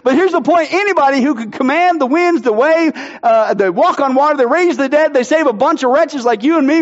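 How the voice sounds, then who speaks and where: Energetic pastor guy preaching, really high voice, kinda muffled lo-fi recording. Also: fairly quick, hardly any pauses. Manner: energetic, emphatic, jokey. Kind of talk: sermon. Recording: dull lo-fi sound.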